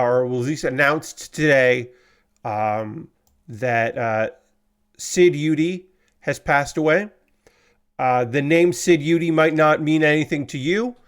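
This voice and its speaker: A man hosting a livestream in casual talk, halting often with filler words. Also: medium pitch, clean tone. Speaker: livestream host.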